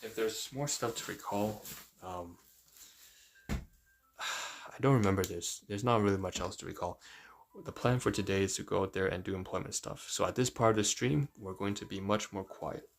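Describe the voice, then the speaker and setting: Low, gravelly man reading aloud. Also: slight background noise. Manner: reads aloud haltingly, stumbling over long words; thinks aloud with frequent fillers. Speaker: livestreamer. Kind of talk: casual live-stream study talk, reading aloud.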